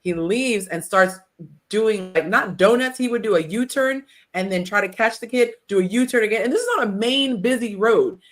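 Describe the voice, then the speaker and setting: A woman hosts a relaxed panel conversation, her voice sitting at a middling pitch. She tells stories with energy and slips into other voices when she quotes people. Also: normal speed. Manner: animated storytelling, acts out quotes. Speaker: podcast host. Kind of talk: casual panel chat.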